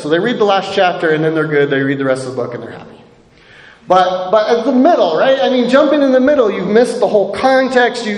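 High-voiced pastor in an echoey hall. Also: male voice. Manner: conversational, many fillers and asides asking "right?". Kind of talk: sermon.

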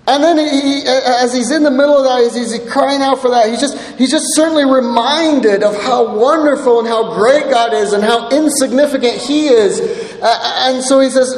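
Pastor, male, very high-pitched, earnest sermon delivery, roomy hall reverb. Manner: earnest, repeats "right?" often, reads scripture slowly. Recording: echoey hall with long reverb.

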